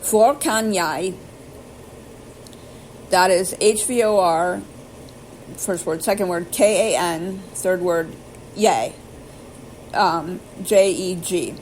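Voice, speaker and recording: A woman vlogging casually, rambling and self-deprecating, who slowly sounds out and spells foreign phrases letter by letter. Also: on the low side, fairly even intonation, a little mellow, a little hiss or hum, low-quality recording. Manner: slow careful pronunciation attempts. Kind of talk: casual self-taught language practice.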